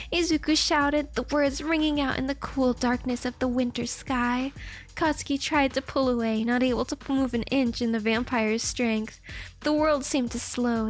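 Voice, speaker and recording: A woman streamer with a high voice reads fanfiction aloud, laughing and reacting to the drama as she goes. Soft music sits faintly behind her. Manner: giggly, excitable asides to chat.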